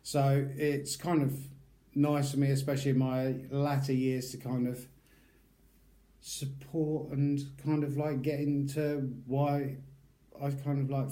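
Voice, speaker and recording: Chatty British man, mellow voice. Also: medium pitch. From United Kingdom. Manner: chatty, rambling, loose and informal. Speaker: YouTube reviewer. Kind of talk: casual product review.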